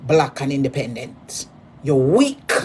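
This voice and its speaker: A Jamaican woman delivering a mocking, repetitive rant at a rival, hurling insults in sudden loud bursts. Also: a bass voice, very animated, slow, slight background noise. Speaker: social media personality.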